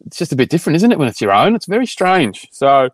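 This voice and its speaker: A man's voice: on the high side, very animated, fast talker, dry recording. A young Australian man co-hosting a podcast from his parked car, laid-back and laughing easily, a little short on sleep. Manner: laid-back, laughs often, says mate a lot. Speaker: podcast co-host. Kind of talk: casual chat.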